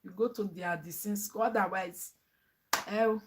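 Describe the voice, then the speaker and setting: A woman's voice: medium pitch, fairly even intonation, measured pace, heavy background noise. A woman with a Nigerian accent, a mother chatting animatedly in a family vlog, laughing often and mixing English with pidgin.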